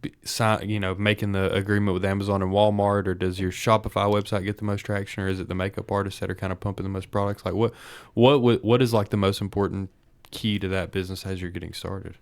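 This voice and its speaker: A man hosts a casual interview podcast, his voice sitting very low. He asks long, looping questions in several parts and backs up his guest with short agreeing replies. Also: level tone, fast talker, clear, resonant tone. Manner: supportive, asks rambling multi-part questions. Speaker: podcast host.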